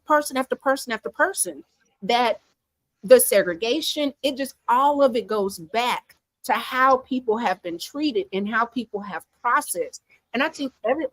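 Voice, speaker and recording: A woman's voice: fairly high pitch, a bit bright, no room sound, poor audio. A woman from Texas, a panelist in a livestream discussion, earnest and reflective.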